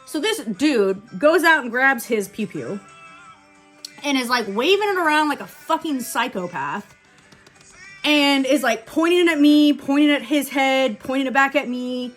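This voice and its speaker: A young woman with a fairly high voice chats candidly through a makeup tutorial, rattling off quick asides. Faint music plays underneath her voice. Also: lively intonation, a bit bright. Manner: candid, blunt and profane. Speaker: beauty vlogger. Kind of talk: casual get-ready-with-me storytime.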